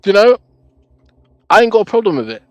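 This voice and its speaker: A man's voice: high-pitched, big pitch swings, fairly quick, a little mellow, dry recording. Sweary, laughing streamer man. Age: young adult. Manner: laughs often, sweary, rhetorical "right?" asides. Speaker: live streamer. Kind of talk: casual live-stream chat with viewers.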